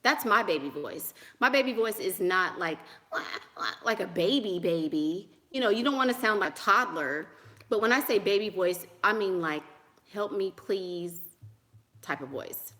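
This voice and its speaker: A woman's voice: medium pitch, lively intonation, normal speed, bright, forceful tone. A woman vlogger answering viewer questions about dating in a sassy, blunt, dismissive way, laughing often and repeating lines for emphasis. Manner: blunt, sassy and dismissive, with frequent "honey" and "girl". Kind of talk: casual advice monologue.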